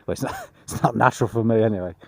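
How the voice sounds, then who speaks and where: A tired man on a long cycling trip, talking outdoors in a dry, self-deprecating monotone as a casual travel vlog. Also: on the low side, very fast, vocal fry, no room sound. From Britain. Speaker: vlogger.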